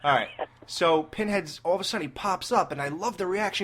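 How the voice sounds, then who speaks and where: A man co-hosting a casual movie review chat, animated and laughing at his own slips. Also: high voice, fairly quick, slight background noise. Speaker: podcast co-host.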